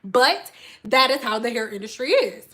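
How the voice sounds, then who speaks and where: Woman hairstylist ranting on a live stream, high bright voice, blunt and emphatic. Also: very animated, normal speed. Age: adult with school-age children. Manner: acts out quoted customers in an exaggerated voice. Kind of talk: casual live-stream chat.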